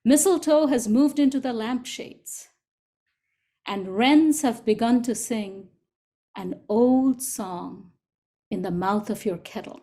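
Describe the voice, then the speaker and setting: A woman reads a poem aloud over a video call, taking each line slowly and deliberately. Her voice sits a little high, and her manner stays gentle and unhurried throughout. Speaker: co-facilitator. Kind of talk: slow poetry reading.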